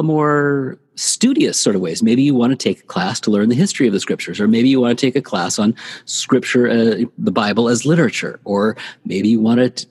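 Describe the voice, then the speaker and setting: A man's voice: lowish voice, a little mellow, slightly rough, big-room sound. A man, an author being interviewed on a podcast, explaining ideas thoughtfully and repeating phrases for emphasis. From United States. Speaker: author and guest. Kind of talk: podcast interview, reflective teaching.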